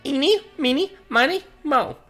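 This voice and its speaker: A woman's voice: high voice, lively intonation, normal speed, fairly bright tone, faint music behind, pitched above the performer's own voice. A woman voicing an eager, upbeat young man coaxing his friends into games.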